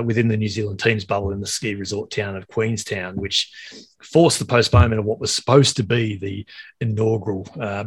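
A man's voice: medium pitch, husky. A man hosting a rugby podcast, upbeat and chatty, introducing co-hosts and guests. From Australia. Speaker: podcast host. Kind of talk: casual sports podcast banter.

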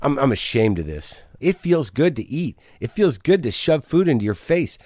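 A man's voice: medium pitch, big pitch swings, moderate pace, dark tone, no echo. A middle-aged man hosting a podcast, talking in a manic, rambling, profane confessional monologue. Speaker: podcast host.

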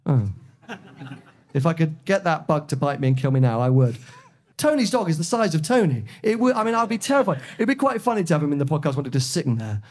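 A man's voice: a little high, sing-song, fast talker. A man co-hosting a podcast in front of a live audience, telling stories and joking with a lot of laughter. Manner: chatty, laughing, jokey storytelling. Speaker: podcast co-host. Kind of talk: casual chat before a live audience.

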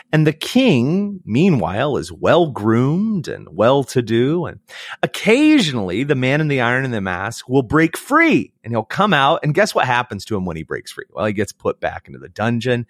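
Animated storytelling man. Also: medium pitch, dry recording, studio quality. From United States. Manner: animated, acts out quoted voices. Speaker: podcast guest. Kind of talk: reflective storytelling conversation.

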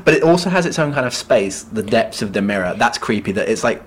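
Guy on a book podcast, lowish voice, chatty, drops to a hushed slow read for passages. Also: lively intonation, slight background noise. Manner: reads passages aloud in a hushed, slow storytelling voice; chatty, laughs, trails off into musing. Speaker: podcast co-host. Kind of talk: casual book-discussion podcast.

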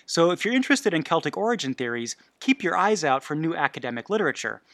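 A man's voice: a little high, very animated, fast, fairly bright tone, dry recording. A man hosting a history podcast, reading notes in an informal way with asides and self-corrections. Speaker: podcast host.

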